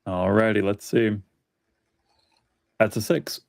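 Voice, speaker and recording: A man's voice: lowish voice, steady tone, slow, vocal fry, a little mellow, dry recording. A man playing a tabletop game, casually reading out his dice rolls. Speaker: player.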